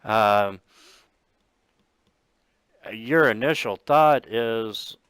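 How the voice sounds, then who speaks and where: Slow, crisp-voiced male game master. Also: lowish voice, fairly bright tone, no room sound. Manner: slow, halting narration with fillers. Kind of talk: narrating a tabletop game.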